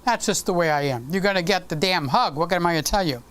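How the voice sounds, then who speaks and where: Chatty male host with a smooth voice. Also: sits high, animated, fast, a bit bright. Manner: chatty, teasing and affectionate with viewers. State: sore throat. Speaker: live-stream host. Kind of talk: casual live-stream chat. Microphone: desk microphone.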